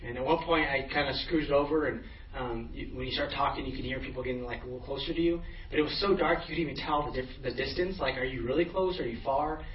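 A man's voice: mid-range voice, fast, slight background noise. A man in middle age preaching a sermon as pastor, casual storytelling with frequent restarts. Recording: echoey, distant, dull room sound.

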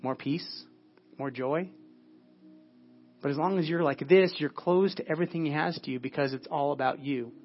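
A man preaching a sermon at a church service in an earnest way, often dropping to a hushed, prayerful tone. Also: fairly high pitch, moderate pace, long pauses, dull audio, soft background music. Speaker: pastor.

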